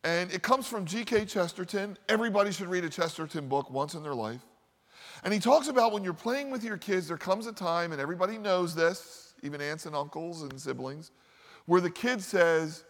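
A man preaching a sermon, telling stories and swinging from loud, lively lines to quiet, hushed ones. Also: a little high, moderate pace. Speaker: pastor. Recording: long hall reverb.

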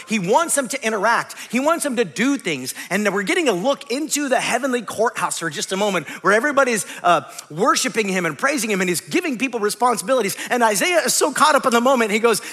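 A male pastor delivers a dramatic sermon in a high, lively voice that rises and falls widely. His tone is bright and forceful, dropping at times to a hush. A long hall reverb trails every phrase. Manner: dramatic, swinging between loud bursts and hushed lows.

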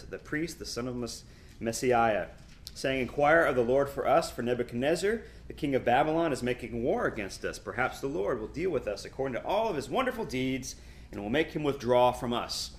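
A middle-aged man teaching a Bible lesson, reading scripture aloud with emphatic, animated delivery and quick asides. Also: medium pitch, slight background noise.

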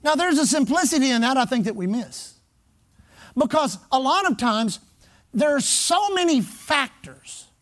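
A man with a strikingly high voice preaches a sermon. He pounds his points with repeated phrases in a steady pulpit cadence. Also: a little slow. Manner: emphatic, repetitive preaching cadence. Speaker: pastor.

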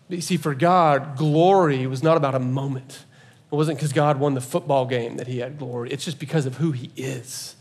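A man delivers a sermon from the pulpit, chatting with the congregation and joking with them. His voice sits a little on the high side, and he builds steadily toward loud, emphatic peaks. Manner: conversational with jokes to the congregation. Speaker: pastor.

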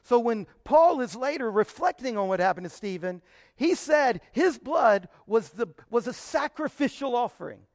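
A man's voice: very high voice, expressive, normal speed, no room sound. A man giving an emphatic Bible teaching, often posing rhetorical questions to his listeners.

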